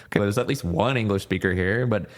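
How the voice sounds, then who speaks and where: A former hockey coach from Virginia, in his thirties, talks fast in a lowish voice. As a podcast guest in a casual interview, he's a lively storyteller who acts out the people he quotes.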